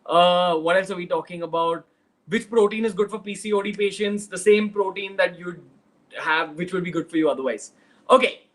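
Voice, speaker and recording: A man's voice: high-pitched, brisk, a bit bright, rough recording. A young man from Mumbai with a Mumbai Indian English accent, hosting a casual livestream Q&A in a chatty, direct way and slipping into Hindi phrases. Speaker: host.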